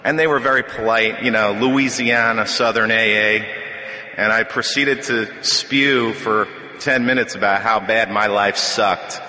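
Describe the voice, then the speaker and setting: A middle-aged man tells his story from a podium in a piercingly bright, edgy voice, joking at his own expense as he goes. His words ring out through a big hall with a long, lingering echo. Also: fairly low pitch, fairly even intonation, unhurried. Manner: conversational storytelling with self-deprecating humor. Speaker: speaker sharing at a recovery meeting. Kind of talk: personal testimony at a podium. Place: meeting hall. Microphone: podium microphone. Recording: echoey hall with long reverb.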